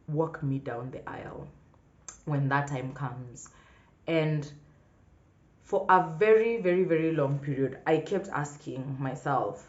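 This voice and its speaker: A woman talking earnestly and reflectively to her viewers in a personal vlog. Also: extremely low pitch. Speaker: vlogger. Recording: echoey room, slightly dull sound.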